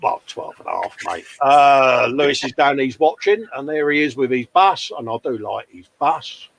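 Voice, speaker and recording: A man's voice: mid-range voice, expressive, normal speed, vocal fry, no room sound. Chatty man in his forties. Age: 40s. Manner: chatty and jokey, calls people mate. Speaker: host of a model-building live show. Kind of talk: casual chat. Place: hobby workbench.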